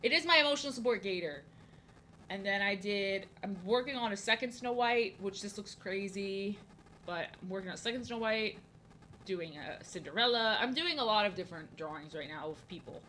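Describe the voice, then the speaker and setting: A woman's voice: medium pitch, fairly quick, pushed and bright, a little hiss or hum, poor audio. A woman chatting casually on a live stream while she draws, rambling, repeating lines and poking fun at herself. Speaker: art streamer.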